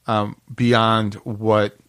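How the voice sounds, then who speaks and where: A man co-hosting a podcast, chatting casually about music, unhurried and hesitant, often laughing. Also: lowish voice, level tone, a bit bright, smooth. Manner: unhurried, giggly, hesitant with fillers. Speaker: podcast co-host.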